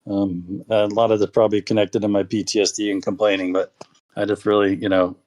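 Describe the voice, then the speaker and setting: A man calling in to a show, chatting casually and rambling with warm thanks. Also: on the low side, little pitch movement, brisk. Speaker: caller. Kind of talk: casual call-in chat.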